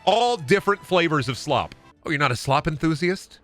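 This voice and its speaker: A man's voice: a little high, animated, moderate pace, fairly bright tone, soft background music. A man voicing a pushy, shady male salesman hawking slop with hard-sell patter.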